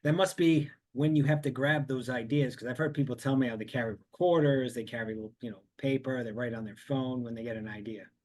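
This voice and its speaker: A man's voice: medium pitch, fairly quick, hardly any pauses, a little mellow. A man hosting an interview podcast, a chef by trade, chatting casually and encouraging his guest with short backchannels.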